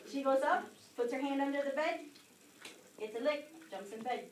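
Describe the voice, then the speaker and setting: A woman with a high voice tells a spooky tale to a live audience in chatty fashion, checking in with her listeners as she goes. She is picked up from a distance in a reverberant room. Steady background noise sits under her voice. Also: normal speed. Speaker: storyteller. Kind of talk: casual spooky storytelling to an audience. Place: public library event room.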